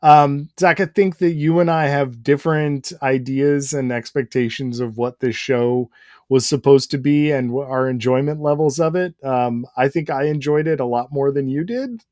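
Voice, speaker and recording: Male podcast co-host, relaxed and laughing, dry close-miked sound. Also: medium pitch, moderate pace, no room sound. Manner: easygoing, laughs often. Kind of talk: casual comedic chat.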